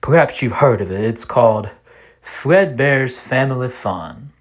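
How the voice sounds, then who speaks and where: A man's voice: medium pitch, animated, a little slow. A man voicing a worried male pizzeria owner with a Texan accent, reading out a pleading letter with hesitations.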